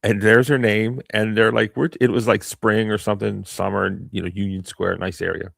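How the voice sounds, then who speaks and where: Deep gravelly man, rambling chat. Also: level tone, fairly bright tone, no room sound, clean studio sound. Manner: rambling, halting, self-interrupting. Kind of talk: casual chat.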